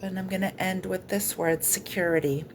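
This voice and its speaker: A woman energy healer gently guiding viewers through a live-streamed clearing session, speaking softly with slow pauses. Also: fairly low pitch, fairly even intonation, a little hiss or hum.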